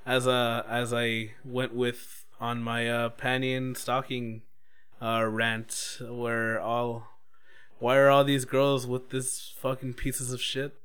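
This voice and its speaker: Male co-host, relaxed chat, curses often, smooth clean tone. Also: mid-range voice, slow. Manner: laid-back, swears freely, laughs often. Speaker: podcast co-host. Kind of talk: casual chat reviewing a movie.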